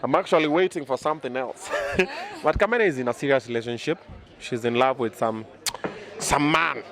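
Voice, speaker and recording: Animated Kenyan man, boastful talk. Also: mid-range voice, a crowd in the background. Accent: Kenyan English. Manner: animated, boastful, quick bursts. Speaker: media personality interviewed. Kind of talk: casual interview chat mixing English and Swahili.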